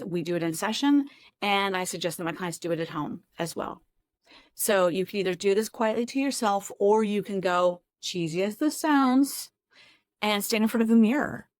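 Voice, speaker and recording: A woman's voice: mid-range voice, no echo. A woman therapist explaining a self-esteem technique to camera from her home office, in a conversational way with self-deprecating asides. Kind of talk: casual talk-to-camera teaching.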